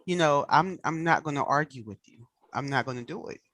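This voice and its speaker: A woman with a Southern US accent, hosting a casual video call chat, animated and quick to laugh. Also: low-pitched, no echo. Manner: animated, laughs often, storyteller. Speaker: host.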